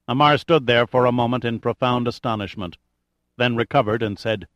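A man narrating a thriller audiobook with a steady, measured read. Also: mid-range voice, no echo, dull audio.

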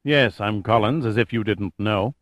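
A man's voice: fairly low pitch, moderate pace, a bit bright, no room sound, close to an everyday voice. A man voicing a stiff, impatient male cruise ship captain under strain.

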